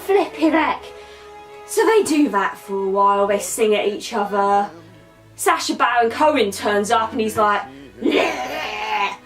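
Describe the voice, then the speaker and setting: A woman's voice: mid-range voice, animated, a little slow, fairly bright tone. A woman giving a crude, rambling comic film recap full of slang. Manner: slangy, crude, rambling, puts on silly voices. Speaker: comedy character reviewer. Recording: distant mic, faint music.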